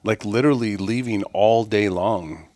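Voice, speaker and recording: A man with a lowish voice talks casually as a podcast guest, loose and easygoing, leaning on "you know" and "man." His voice sounds dry and close. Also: normal speed, darkish tone, no room sound. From East Los Angeles. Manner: laid-back, lots of "you know" and "man". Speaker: guest tattoo artist.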